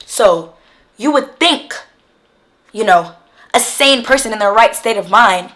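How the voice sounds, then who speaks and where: A woman vlogger telling a story in casual chat, slangy and animated, acting out what others said. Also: medium pitch, a little slow.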